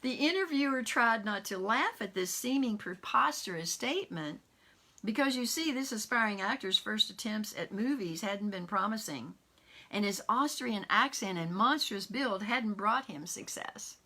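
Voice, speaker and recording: A woman minister giving an online sermon, talking in a conversational way, laughing softly now and then and weaving in quotations. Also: on the high side, lively intonation, measured pace. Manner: warm conversational preaching with quotes and soft laughs.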